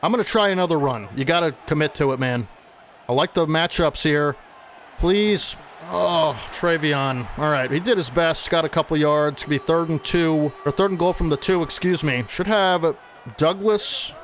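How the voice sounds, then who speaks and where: A man commentating his own football video game play-by-play, excitable and chatty with his viewers. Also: a little high, moderate pace, slight background noise. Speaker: gaming channel host.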